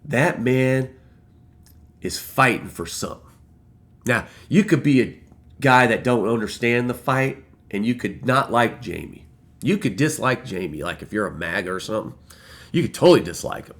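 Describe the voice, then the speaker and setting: A man casually telling a personal story to camera, emotional and excitable, swearing freely. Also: medium pitch, normal speed. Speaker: vlogger.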